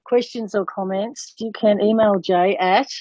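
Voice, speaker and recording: A female podcast host with a husky voice and an upbeat, encouraging manner. Her voice sounds dry and close, with dull, lo-fi audio. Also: mid-range voice, fairly even intonation, a little slow, darkish tone, no echo. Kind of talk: casual podcast chat.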